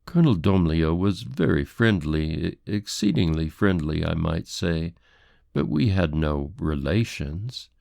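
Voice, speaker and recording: A man's voice: deep voice, very animated, unhurried, gravelly, a little mellow, no echo, studio quality, heavily acted. A man voicing a haughty, indignant English society lady who speaks in a prim, defensive, formal way.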